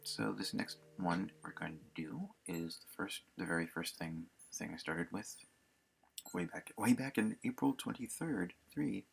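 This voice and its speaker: A man streamer casually introducing a session, rambling with many pauses. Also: low voice, vocal fry, slightly rough. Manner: rambling, full of fillers and restarts. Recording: guitar music under the voice.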